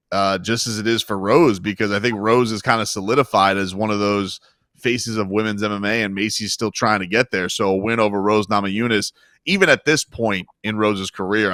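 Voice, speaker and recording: A man's voice: fairly low pitch, a bit bright, no echo, clean studio sound. A man co-hosting a sports podcast, talking loosely with lots of fillers and restarts. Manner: rambling, many restarts and fillers. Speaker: MMA podcast co-host. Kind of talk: casual sports talk.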